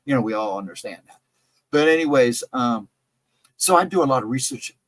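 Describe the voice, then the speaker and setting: A man's voice: medium pitch, expressive, a little fast, dry recording. A man hosting a casual livestream chat, rambling and easygoing, often laughing. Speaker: host.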